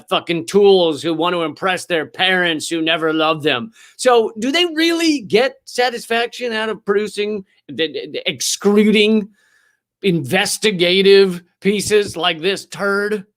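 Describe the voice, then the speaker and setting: A male comedy host ranting with biting sarcasm and plenty of profanity. His voice sits a little high for a man and jumps between loud outbursts and muttered asides. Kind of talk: scripted comedic rant.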